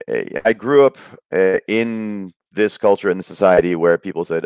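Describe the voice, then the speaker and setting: A middle-aged man with a deep, low-pitched voice guests on a podcast, explaining ideas through anecdotes. He animates his stories by acting out the voices of the people in them. The sound is dry and close, with no room echo. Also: moderate pace, smooth. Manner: animated storyteller, acts out quoted voices. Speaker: guest speaker on happiness.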